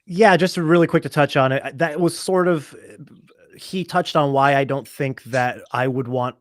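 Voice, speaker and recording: A man's voice: fairly high pitch, moderate pace, dry recording. A man co-hosting a podcast, talking in a playful but earnest way. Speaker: realtor co-host. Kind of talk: casual panel talk.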